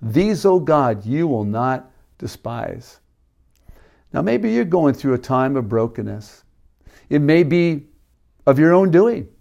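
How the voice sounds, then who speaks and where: A man's voice: a little high, sing-song, slow, creaky, long pauses, warm tone, muffled recording. A man preaching a sermon, reading scripture aloud and explaining it with casual asides. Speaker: pastor.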